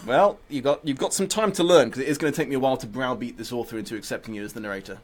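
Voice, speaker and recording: A man's voice: medium pitch, rapid-fire. A man hosting his own podcast, chatting casually and joking around with his guest. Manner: playful, jokey. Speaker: podcast host, YouTuber.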